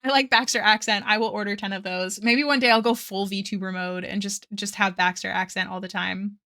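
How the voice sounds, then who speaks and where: Bright-voiced chatty young woman streamer. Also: medium pitch, steady tone, brisk. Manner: chatty and rambling, laughs often, reads chat aloud. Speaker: art streamer. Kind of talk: casual stream chat while drawing.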